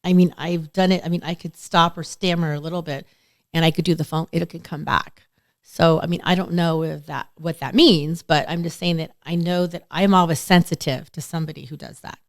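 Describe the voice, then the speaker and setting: A woman hosts a casual radio talk show, telling her stories with lively acted-out quotes. Her voice sits on the lower side and is recorded very dry and close. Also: a little fast, no room sound. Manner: chatty, animated storytelling with acted-out quotes. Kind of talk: casual chat.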